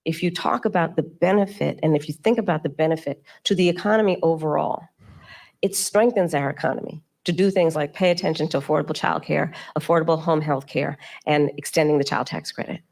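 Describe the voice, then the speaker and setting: Low-voiced woman politician answering questions. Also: vocal fry. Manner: measured, speech-like, steady delivery. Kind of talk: formal panel interview answers.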